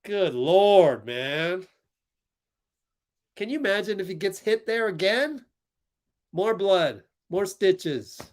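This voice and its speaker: A man's voice: sits high, expressive, measured pace. A young man hosting a live basketball watch-along stream, talking in a heated, exasperated way with frequent laughs and sighs. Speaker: livestream host.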